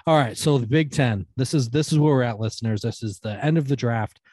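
A man's voice: mid-range voice, brisk, mellow, dry recording, studio quality. A man co-hosting a casual sports podcast, laid-back, reading out team lists that trail off at the ends. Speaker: podcast co-host.

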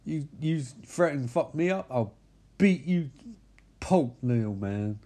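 A man's voice: mid-range voice, expressive, unhurried, dark tone. A man voicing a crude, swaggering young boyfriend full of bravado in a comedic recap.

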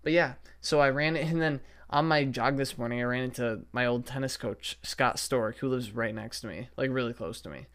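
A young man with a mid-pitched voice hosts a casual solo podcast from his basement. He rambles and swears freely, sounding exasperated as he vents into his podcast microphone. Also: brisk, hardly any pauses, a bit bright, clean tone. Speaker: podcast host. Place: basement at home. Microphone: podcast setup microphone.

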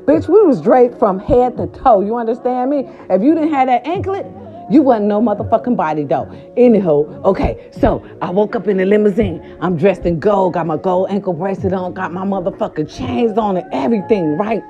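Animated, profane middle-aged woman storyteller. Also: medium pitch, a little fast, highs cut off, faint music behind. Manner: profane, animated, repeats filler words. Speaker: vlogger. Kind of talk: casual storytelling to camera.

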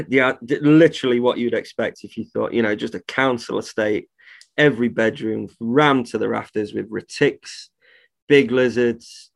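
A man's voice: medium pitch, vocal fry. Man, indignant, blunt, sweary, casual podcast chat. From United Kingdom. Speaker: reptile shop owner, podcast guest.

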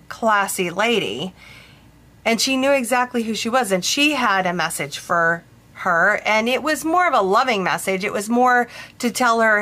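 A woman hosting her own podcast, telling a story in a rambling, chatty way full of fillers and restarts. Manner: lively, jumps high in pitch when quoting people. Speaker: podcast host, bridal tailor. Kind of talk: casual storytelling monologue.

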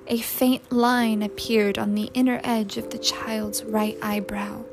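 Slow, higher-voiced woman narrating a novel. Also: flat delivery. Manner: measured, unhurried storytelling. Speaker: audiobook narrator. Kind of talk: scripted narration. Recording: loud music under the narration.

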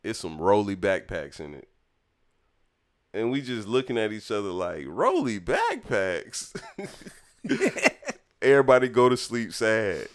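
A young man telling a lively childhood story in casual chat, acting out the people in it. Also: on the low side, moderate pace, smooth. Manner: animated, acts out voices in his story. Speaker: storyteller talking with his mother.

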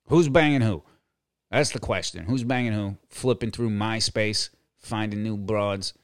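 A man's voice: lowish voice, unhurried, dry recording, clean studio sound. A middle-aged man hosting a podcast, delivering a crude comedic rant full of swearing, repeated phrases and chuckles. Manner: profane, repetitive, chuckling. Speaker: podcast host.

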